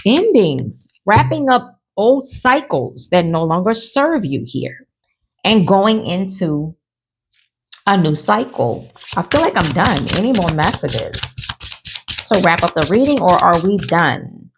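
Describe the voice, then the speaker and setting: Low-voiced, chatty woman reading tarot. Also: slow pace, creaky, noisy background. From New Orleans. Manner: chatty and encouraging, tags lines with "okay?" and "right?"; animated, with frequent laughter. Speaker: tarot reader. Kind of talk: casual tarot reading to viewers. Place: at home.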